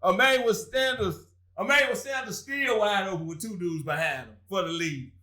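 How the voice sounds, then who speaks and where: A man's voice: sits high, normal speed, bright, forceful tone. A man hosting a casual sports talk show, trash-talking rival fans with frequent laughter.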